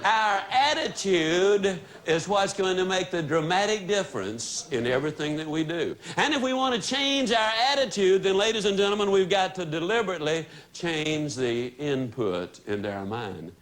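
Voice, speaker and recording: An older man giving a motivational talk to salespeople, folksy and dramatic, dropping to a low soft voice for punchlines. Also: lively intonation, moderate pace, hardly any pauses. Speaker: motivational speaker.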